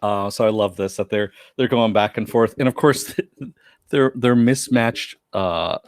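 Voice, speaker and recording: A man casually recapping a TV episode with a co-host, animated, laughing often and acting out quotes. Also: fairly low pitch, a little slow, clean tone, no room sound, clean studio sound. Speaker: podcast co-host.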